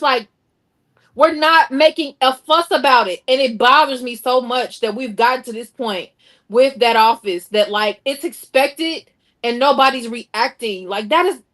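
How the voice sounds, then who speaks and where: A woman with a high voice speaks in an impassioned, emphatic way on a talk panel. She often repeats words and restarts sentences while making her point. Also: fairly bright tone. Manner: emphatic, repeats herself, rising indignation. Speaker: co-host of a local talk show. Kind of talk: passionate panel discussion.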